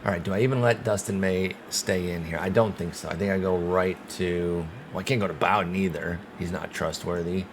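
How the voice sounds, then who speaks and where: A man streaming a baseball management game, calling the plays casually and swinging from calm calls to loud groans and outbursts. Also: deep voice, fairly quick, few pauses, background noise. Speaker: gaming streamer. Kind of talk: casual play-by-play of a baseball sim.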